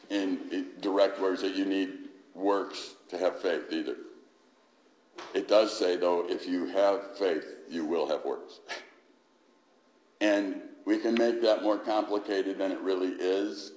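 A middle-aged man preaching a sermon, chatting with the congregation and then surging into loud, high emphasis. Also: reverberant, rough recording. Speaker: pastor.

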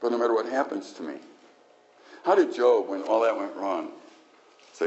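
A man's voice: fairly low pitch, animated, moderate pace, darkish tone, lo-fi sound. A male pastor preaching a sermon in an emphatic, conversational way with frequent restarts.

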